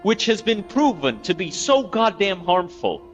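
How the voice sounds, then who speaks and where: With a high voice, big swings in pitch and a measured pace, a male gaming streamer keeps up loose gameplay chatter full of tangents and swearing. Faint game music plays under the dull, lo-fi sound.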